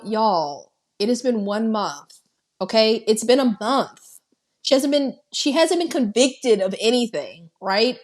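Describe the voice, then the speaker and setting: A woman co-hosting a podcast, recapping a movie in casual chat, swearing freely and acting out the characters' lines. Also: a little high. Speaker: podcast co-host.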